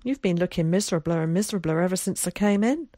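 A woman voicing an excitable, theatrical boy who chatters eagerly. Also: fairly low pitch, quick pace, dry recording, clean studio sound. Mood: chatty.

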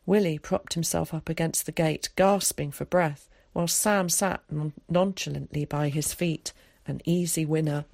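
A woman narrating an audiobook chapter in a measured, expressive storytelling voice. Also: low-pitched, gravelly, no room sound. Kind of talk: scripted narration.

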